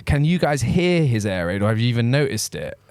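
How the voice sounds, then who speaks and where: A man's voice: mid-range voice, very animated, brisk, a little mellow, smooth, dry recording. An easygoing man co-hosts a podcast and chats loosely with the guest. His mid-range voice is recorded close and dry. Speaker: podcast co-host. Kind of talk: casual podcast chat.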